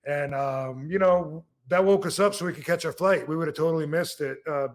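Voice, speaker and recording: Podcast host, man in his fifties, relaxed rambling storyteller, slightly higher voice. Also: brisk. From Michigan, USA. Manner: rambling, with many restarts and fillers. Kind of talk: casual storytelling.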